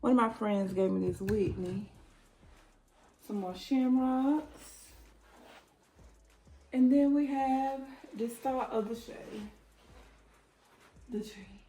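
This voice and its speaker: A woman's voice: a little high, slow pace, pauses often, dark tone, slight background noise. Chatty woman giving a home decor tour. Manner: chatty, pointing out items as she walks. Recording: echoey room.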